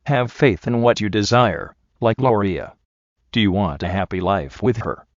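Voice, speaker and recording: A man voicing a smooth, menacing male motivational speaker who talks in a slow, persuasive, coaxing way. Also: on the low side, animated, no room sound, highs cut off, natural voice.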